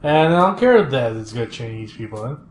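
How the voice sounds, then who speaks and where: A man's voice: medium pitch, very animated, fairly quick, a crowd in the background. A man chatting casually while playing a game, dry and sarcastic, grumbling and swearing casually. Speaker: co-host of a retro gaming show. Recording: echoey room.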